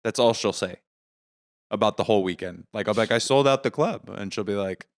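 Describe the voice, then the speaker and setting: Man from Seattle, low dry voice. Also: a little fast, vocal fry, dry recording. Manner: wry storytelling. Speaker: comedian co-host. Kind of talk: casual podcast chat.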